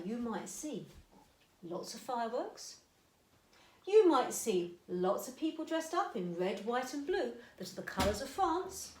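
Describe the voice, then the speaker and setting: A woman teaching a French lesson to young children, talking slowly and clearly, sometimes singing greetings. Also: fairly high pitch, roomy sound, slight background noise. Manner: slow, animated teacher talk with sung greetings. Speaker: primary school French teacher.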